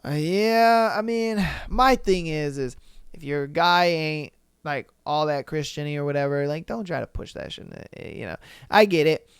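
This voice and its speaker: A man's voice: fairly high pitch, expressive, moderate pace, smooth, no room sound, clean studio sound. A young man hosting a podcast, reacting in blunt, profane, joking casual chat. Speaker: podcast host.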